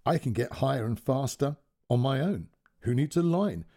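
A male storyteller voicing a small, daring kite that loves the wind and wants to fly free. He speaks with excited, boastful energy. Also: medium pitch, moderate pace.

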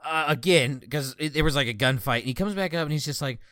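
A man's voice: on the high side, fast talker, a bit bright, no echo, clean studio sound. A young man co-hosting a podcast, telling gaming stories in casual chat and acting out other players' lines with a laugh. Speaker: podcast co-host.

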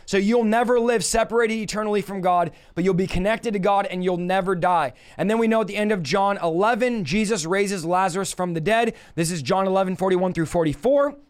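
A young man preaching on a livestream, energetic and emphatic, reading scripture and exhorting his viewers. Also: high voice, brisk, hardly any pauses, clean tone. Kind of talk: livestream Bible teaching.

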